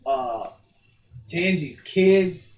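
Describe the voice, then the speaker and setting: A man's voice: on the high side, expressive, drawn-out words, a little mellow, recorded from a distance, rough recording. Man telling homestead stories. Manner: rambling storyteller, Southern turns of phrase. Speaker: homesteader guest on a call-in show. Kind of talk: casual chat.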